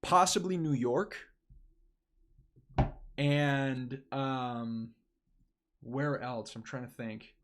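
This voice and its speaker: A man's voice: mid-range voice, steady tone, extremely slow, pauses often. A young man hosting a casual live stream, rambling and restarting his phrases as he talks to his chat.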